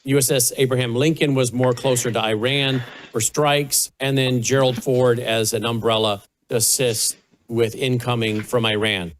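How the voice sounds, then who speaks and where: A man's voice: mid-range voice, steady tone, normal speed, a little hiss or hum. A man with a mid-range voice co-hosts live breaking news. He relays reports and asks his guest probing questions in a conversational tone. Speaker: news co-host.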